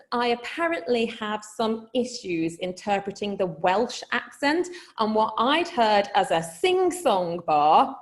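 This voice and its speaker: Scouse woman telling a funny story to a crowd, voice a bit high, keeps cracking herself up, swears a lot. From Liverpool, England. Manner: chatty, self-mocking, laughs mid-sentence; blunt, swears freely. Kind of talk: comic live storytelling.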